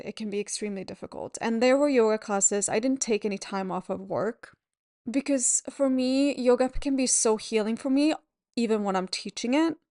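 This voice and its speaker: A woman hosting a podcast as a yoga teacher, talking in a gentle, candid and reassuring way at home. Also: fairly high pitch, no room sound, clean studio sound. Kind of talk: reflective solo podcast talk. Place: at home at a table.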